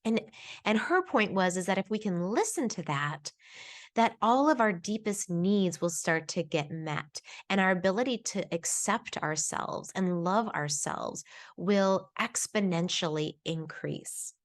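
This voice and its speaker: A woman's voice: on the low side, expressive, measured pace. A woman herbal teacher giving an informal lesson, talking conversationally and reflectively with frequent fillers and restarts.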